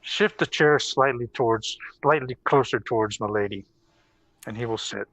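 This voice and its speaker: A man's voice: mid-range voice, normal speed, a bit bright, no room sound, rough recording. A man playing a tabletop role-playing game, describing his character's actions in a laid-back way. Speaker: player.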